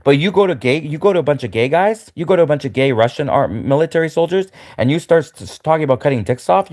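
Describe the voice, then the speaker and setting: A man with a fairly high voice rants at the camera. He stammers, restarts his sentences and repeats himself in a mocking tone. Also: lively intonation, fast, few pauses, a little mellow. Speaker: livestreamer. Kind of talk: ranting monologue to camera.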